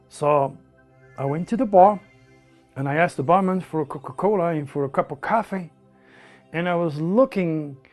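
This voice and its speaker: A man with a French accent, a native French speaker from the south of France, animatedly recounting personal stories in an interview and acting out what people said. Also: a little high. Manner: animated storyteller who acts out quoted speech.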